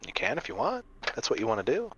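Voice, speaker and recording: A man narrating as game master of a tabletop role-playing game, setting scenes in a relaxed, hesitant way. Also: medium pitch, fast talker, lo-fi sound, a little hiss or hum.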